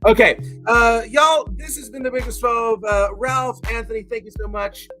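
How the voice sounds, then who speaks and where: A man hosting a casual comedy show, loud and laughing, saying y'all. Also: extremely high pitch, fairly even intonation, normal speed. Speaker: podcast host. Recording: music in background.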